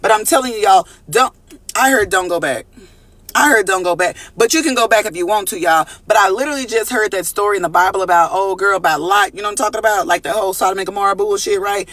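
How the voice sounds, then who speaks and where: Fast, high-voiced man reading tarot. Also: dry recording. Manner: animated, profane, preachy, addresses viewers as y'all and baby; breaks into sing-song phrases. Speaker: tarot reader. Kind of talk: casual tarot reading to viewers.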